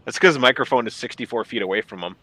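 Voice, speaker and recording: A man chatting casually on a stream, telling stories quickly and acting out quotes. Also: mid-range voice, poor audio. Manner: rapid, animated storytelling with acted-out quotes. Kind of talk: casual chat.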